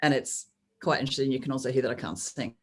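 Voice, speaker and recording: Middle-aged Australian woman, sports commentator, unusually deep voice, measured reflective delivery. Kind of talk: podcast interview.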